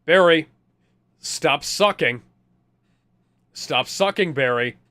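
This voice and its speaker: A man's voice: a little high, lively intonation, slow, sharp tone. A man casually riffing on a movie as a commentary co-host, sarcastic and exasperated, swearing freely.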